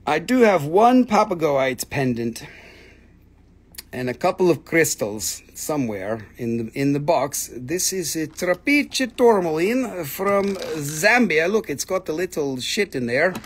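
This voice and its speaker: An excitable man hosts a casual live sales stream from home, showing off stones and rattling off prices. His voice sits fairly high for a man, and he swears freely and gushes over how beautiful everything is. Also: a little slow, slightly rough. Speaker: host selling gemstones on a live stream. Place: home, with his dogs nearby.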